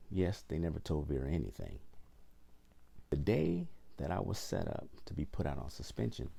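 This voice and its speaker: A man's voice: deep voice, creaky, warm tone, slightly rough. A man hosting a podcast, telling a personal story in an indignant, emphatic way and acting out what others said. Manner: indignant, emphatic, acts out quoted lines. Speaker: podcast host.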